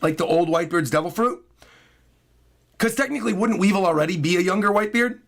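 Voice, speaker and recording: A fairly high-pitched man talks casually on a live stream, his voice hoarse and worn out. There's a gravelly fry running through his speech, and he flips quickly from easy chatter into excited, loud hype. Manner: excitable, bursts into loud hyped yelling. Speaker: streamer reacting to a comic chapter. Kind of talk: casual livestream chat.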